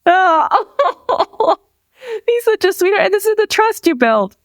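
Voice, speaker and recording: A woman hosting a podcast, talking in a relaxed, candid way and swearing casually. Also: extremely high pitch, slow, no room sound. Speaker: podcast host. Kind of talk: casual interview chat.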